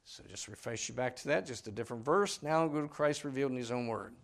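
A man delivers an emphatic sermon full of questions for the congregation, moving between booming declarations and quiet asides. He speaks briskly in a mid-range voice and is very animated.

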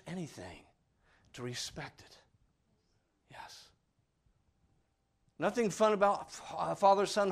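A man delivering a homespun sermon to his congregation, his fairly high voice leaping up and down with feeling. He leans hard on key words, then drops to near-whispered asides, earnest and plain-spoken throughout. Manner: folksy, earnest, swings between loud stress and quiet asides. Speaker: preacher; father.

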